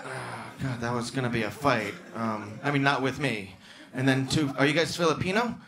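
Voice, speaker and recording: A male stand-up comedian doing crowd work on a club stage, bantering with the audience and breaking into loud, excited outbursts. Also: medium pitch, a little fast, heavy background noise. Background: audience laughter and club ambience.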